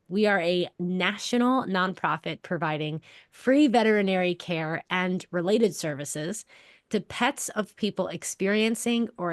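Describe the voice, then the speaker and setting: A woman's voice: lowish voice, dry recording, studio quality. A woman hosting a podcast, bubbly and enthusiastic, chatting casually and laughing often. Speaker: podcast host. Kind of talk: casual interview chat.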